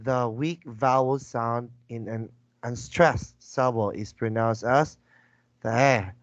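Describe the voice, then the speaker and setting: Slow, patient male English teacher. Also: mid-range voice, fairly even intonation, dry recording. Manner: patient, repetitive prompting. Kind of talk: online English lesson. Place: video call. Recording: dull lo-fi call audio.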